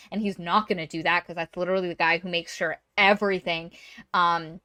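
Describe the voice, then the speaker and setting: A woman co-hosting a book podcast, retelling a novel's plot in an animated, chatty way. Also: on the low side, a little fast. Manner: animated retelling, lots of fillers. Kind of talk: casual book discussion.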